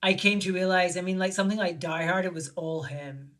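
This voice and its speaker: A guest filmmaker who lived in Barcelona tells a story during an interview, her voice bright and animated and a little fast. She acts out quoted voices with big jumps in pitch.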